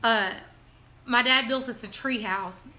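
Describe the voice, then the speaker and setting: Telling family stories on a relaxed livestream, this host keeps laughing through her own tales in a giggly way. She speaks at a measured pace in a highish, bright, pushed voice, with a little hiss or hum in the audio.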